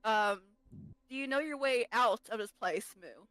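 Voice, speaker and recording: A woman voicing a lost, confused druid who has been turned into a cow, speaking slowly and mooing between her phrases. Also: a little high, animated, fairly bright tone, clear, resonant tone, no room sound, rough recording. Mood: lost, pleading. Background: tavern music.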